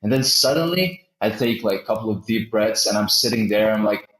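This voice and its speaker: A man with a very low voice talks through a personal story in a relaxed podcast chat. He stumbles and repeats words as he goes. The sound carries a noticeable room echo. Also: fairly quick. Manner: rambling, many restarts and repeated words. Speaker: podcast host. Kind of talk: casual storytelling conversation.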